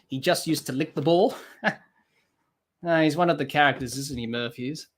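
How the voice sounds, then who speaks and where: A man doing live cricket commentary for a podcast, rising excitedly on the play and dropping quiet to read viewer comments. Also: moderate pace. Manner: lifts pitch and volume for the action, drops low to read comments and chat.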